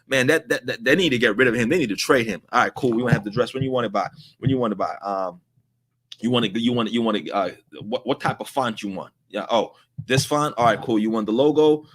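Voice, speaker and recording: A man's voice: medium pitch, a little fast, fairly bright tone, pitched below the performer's own voice, lightly acted. A man voicing a distracted young male shop worker who mumbles and trails off while he talks on his earbuds. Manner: mumbling, half-attentive, trailing off.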